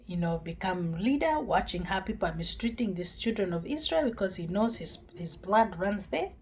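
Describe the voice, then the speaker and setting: A woman preacher retelling a scripture story in a sermon, animated, dropping into whispers and bursting into exclamations. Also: mid-range voice, a little hiss or hum.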